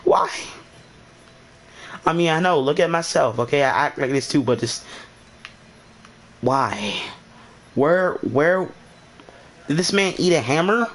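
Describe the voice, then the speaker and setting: A man's voice: on the high side, lively intonation, slow, long pauses, fairly bright tone. A young man hosting his channel, telling a rambling story in a casual way and asking why again and again in exasperation. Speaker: channel host.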